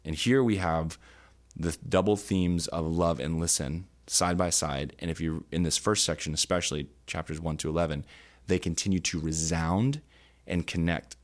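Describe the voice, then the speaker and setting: A man's voice: deep voice, steady tone, moderate pace. A man co-hosting a church podcast, teaching earnestly on scripture in casual talk, searching for words with many fillers. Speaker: podcast co-host. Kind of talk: conversational Bible teaching. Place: indoor podcast studio.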